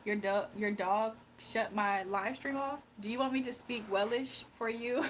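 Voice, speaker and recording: A woman hosts a relaxed livestream, riffing on viewer comments in a loose, slangy way with frequent laughter. Her voice sits a little above the usual range. A faint hiss runs under the recording. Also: a little high, unhurried, hardly any pauses. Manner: playful and chatty, laughing often, slangy. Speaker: livestream host. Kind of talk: casual livestream chat reading viewer comments.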